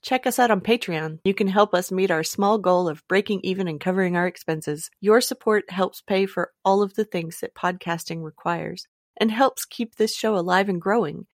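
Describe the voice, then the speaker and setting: A woman's voice: on the low side, moderate pace, no room sound, studio quality. A woman reading the podcast's closing announcement in a friendly, direct way. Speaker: podcast host.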